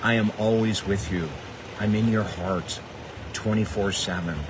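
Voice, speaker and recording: A man voicing his loving elderly mother, speaking softly, slowly and soothingly. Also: on the low side, steady tone, background noise, natural voice. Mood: tender. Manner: soft, slow and soothing.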